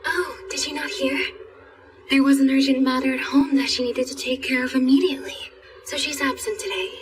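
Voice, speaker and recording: Girl doing an animated, gossipy anime student, high voice, music under it. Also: brisk, close to an everyday voice. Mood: chatty. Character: lively, chatty female student. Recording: distant voice with music.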